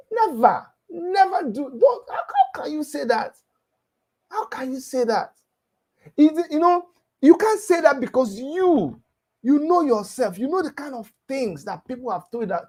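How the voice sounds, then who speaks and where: A man delivering an impassioned, preachy monologue broadcast, scolding and repeating himself for emphasis. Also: very high-pitched. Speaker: broadcaster addressing critics.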